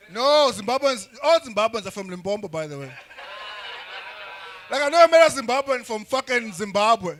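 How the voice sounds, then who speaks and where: A young man doing crude, rambling stand-up comedy with frequent restarts and shouted bursts. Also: very high voice. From South Africa.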